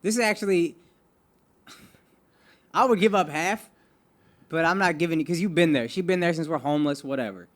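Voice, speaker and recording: A man co-hosting a comedy podcast, animated in telling stories and trailing off into low mumbles. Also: brisk, pauses often. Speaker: podcast co-host. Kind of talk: casual comedy podcast banter.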